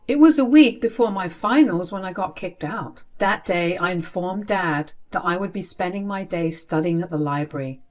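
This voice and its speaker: Plain woman narrating a family story. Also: lowish voice. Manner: plain, matter-of-fact retelling. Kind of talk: first-person story narration.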